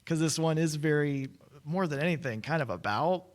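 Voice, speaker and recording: A man's voice: a little high, animated, normal speed. A man in his late twenties co-hosting a casual podcast, joking and rambling with many restarts. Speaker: podcast co-host. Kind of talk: casual chat.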